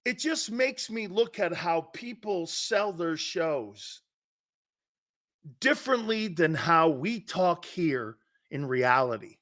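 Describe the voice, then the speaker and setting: A middle-aged man hosting a sports talk show, ranting loudly and mocking rivals. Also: sits high, expressive, slow. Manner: loud, mocking, puts on voices and laughs often. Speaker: sports radio host. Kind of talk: animated sports talk rant.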